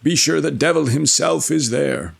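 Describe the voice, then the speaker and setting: A man voicing a fearful, foolish Swabian companion who speaks in high sing-song rhymes. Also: expressive, moderate pace, vocal fry, breathy edge, full character voice. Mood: uneasy.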